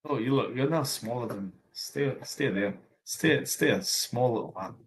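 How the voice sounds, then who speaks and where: A man's voice: medium pitch, normal speed. A man co-hosting a podcast, talking loosely with swearing and laughing asides. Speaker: podcast co-host. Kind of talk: casual chat.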